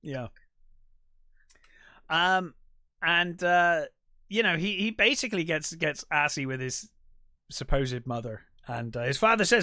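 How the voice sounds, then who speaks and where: A man co-hosting a podcast, casually retelling a movie's scenes and acting out quick quotes from the characters, with the odd swear. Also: fairly high pitch, animated, bright, forceful tone, dry recording, studio quality. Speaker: podcast co-host. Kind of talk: casual film recap chat.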